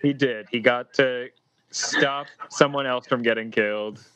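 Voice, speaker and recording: A man's voice: medium pitch, steady tone, measured pace, fairly bright tone, smooth. A man playing a tabletop game, laid-back and wry. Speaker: player. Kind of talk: casual tabletop game chat.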